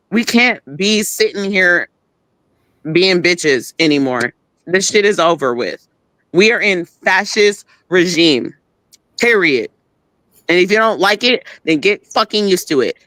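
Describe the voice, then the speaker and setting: A woman's voice: medium pitch, a bit bright, no echo. A woman guest on a talk roundtable, angry and swearing hard as she vents about politics. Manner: angry, profane, emphatic. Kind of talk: heated political rant.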